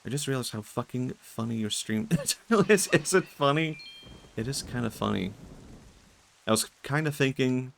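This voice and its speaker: A man with a Swedish accent chatting in a low-key, monotone way while streaming a game. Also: moderate pace, vocal fry, a little hiss or hum. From Sweden. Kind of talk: casual gaming commentary.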